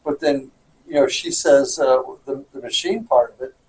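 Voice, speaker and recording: A man's voice: medium pitch, moderate pace, a little hiss or hum, low-quality recording. A man casually explaining an experiment from a ghost hunt and checking facts with the group. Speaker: paranormal investigator.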